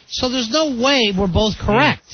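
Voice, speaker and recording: Radio host, male, husky and high-pitched, jokey, on a dull lo-fi broadcast. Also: moderate pace, no echo. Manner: jokey, leads the segment, takes calls. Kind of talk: casual radio talk.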